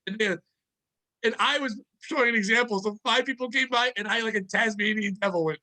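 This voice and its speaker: High, bright-voiced man telling stories. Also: quick pace, poor audio. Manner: profane, animated, acts out the people in his stories. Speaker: podcast co-host. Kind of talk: casual storytelling chat.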